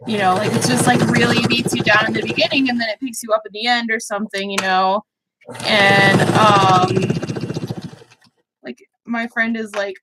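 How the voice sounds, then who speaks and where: A woman's voice: a little high, normal speed, background noise. A young woman hosting a livestream, chatting casually and rambling with many fillers as she sews. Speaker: livestream host. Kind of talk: casual chat while sewing.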